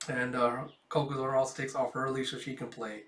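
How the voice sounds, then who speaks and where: A man's voice: mid-range voice, little pitch movement, fairly quick, a bit bright. A man hosting a casual manga reading, chatty and laughing, with lots of fillers. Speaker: host. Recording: roomy sound from a distant mic.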